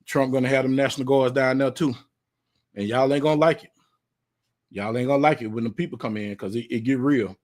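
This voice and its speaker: A man's voice: mid-range voice, a little fast. A man hosting a casual live stream, talking in a loose, slangy way full of fillers. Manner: laid-back, slangy, filler-heavy talk. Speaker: livestream host.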